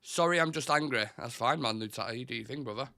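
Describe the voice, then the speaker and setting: Man, bright forceful voice, dry close sound, casual live-stream chat. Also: mid-range voice, fast talker, vocal fry, no room sound. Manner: chatty, reads out chat comments, restarts and fillers. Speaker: host of a live football fan show.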